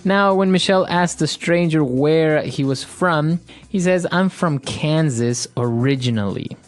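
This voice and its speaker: A man's voice: a little high, unhurried. Man from Ecuador co-hosting a lesson. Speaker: co-host, English teacher. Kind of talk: language lesson explanation.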